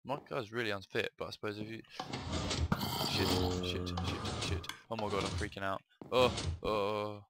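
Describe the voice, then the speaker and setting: A man's voice: lowish voice, fairly even intonation, normal speed, very noisy. Jumpy, swearing man gaming. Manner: jumpy, swears a lot when startled. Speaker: gaming video host. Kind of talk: let's-play commentary.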